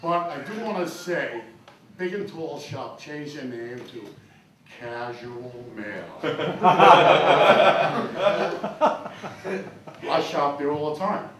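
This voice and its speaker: Casual: guy doing dirty standup, pretty high voice, echoey club mic from far away, crowd going. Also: lively intonation, drawn-out words, long pauses. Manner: crude, punchy, profane. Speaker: stand-up comedian. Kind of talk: stand-up comedy. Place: comedy club stage. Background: audience laughing.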